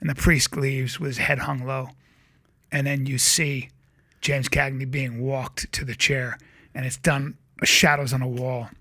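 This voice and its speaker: Gravelly man, bright and edgy tone, animated storyteller who acts out scenes, dry close mic. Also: medium pitch, a little slow, dry recording. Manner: acts out film scenes with shouted voices. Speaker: podcast guest.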